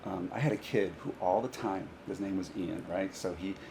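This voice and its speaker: A man, a high school golf coach, telling stories in a casual podcast chat and often laughing through them. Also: normal speed, vocal fry, background noise. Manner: animated, laughs through his own stories.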